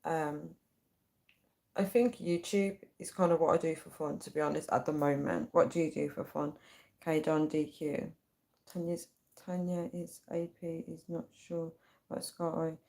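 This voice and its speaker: A woman's voice: sits low, steady tone, a little slow, vocal fry, a little mellow. Giggly woman chatting on a livestream. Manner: chatty, giggly, reads comments aloud. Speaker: livestreamer reading chat. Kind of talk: casual live-stream chat. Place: at home late at night.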